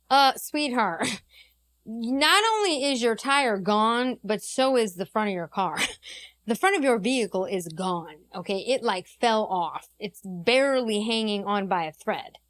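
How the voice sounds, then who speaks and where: Woman commentator, high voice, unhurried drawl, sarcastic and giggly. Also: animated. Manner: sarcastic, laughs often. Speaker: reaction commentator. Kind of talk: mocking commentary on bodycam footage.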